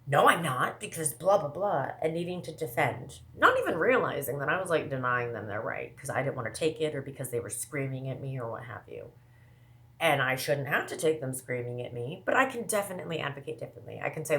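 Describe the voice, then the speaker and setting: A woman from the American Midwest talking casually to her viewers, rambling fast with lots of asides and self-interruptions. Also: very deep voice, expressive, a bit bright. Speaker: vlogger. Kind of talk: casual monologue to camera.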